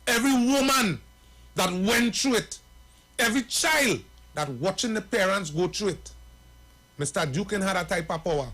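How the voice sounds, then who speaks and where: A man's voice: high voice, animated, normal speed, a bit bright. Impassioned Trinidadian man hosting a talk show. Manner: preachy, addresses viewers directly with repetition.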